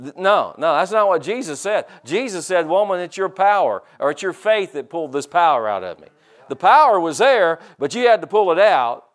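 A man's voice: high voice, very animated, moderate pace. An older man preaching a sermon in a folksy, conversational way, often repeating and restarting words and acting out quoted voices. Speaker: pastor.

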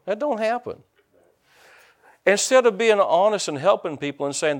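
A man's voice: high-pitched, lively intonation, normal speed. An older man, a pastor preaching a folksy, joking sermon and calling out to his congregation.

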